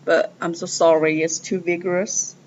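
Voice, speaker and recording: A woman giving a class presentation in a halting way, with many pauses and restarts. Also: on the low side, little pitch movement, a little mellow. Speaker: student presenter. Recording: dull lo-fi recording with faint noise.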